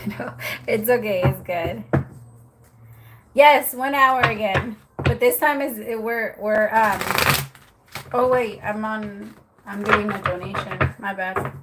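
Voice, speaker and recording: A woman's voice: mid-range voice, takes it slowly, pauses often, heavy background noise. A woman giving tarot readings on a live stream, chatty and apologetic, laughing often. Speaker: tarot reader.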